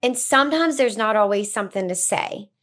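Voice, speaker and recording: A woman's voice: mid-range voice, animated, fairly quick, a bit bright. A woman doula speaking as a podcast guest, giving earnest, encouraging advice and getting emotional at times. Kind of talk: heartfelt interview talk.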